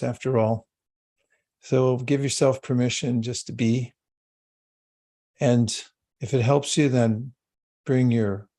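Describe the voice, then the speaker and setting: Slow, mellow-voiced man leading meditation. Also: mid-range voice. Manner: slow, calm and soothing, with long pauses. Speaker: spiritual teacher. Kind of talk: guided meditation talk.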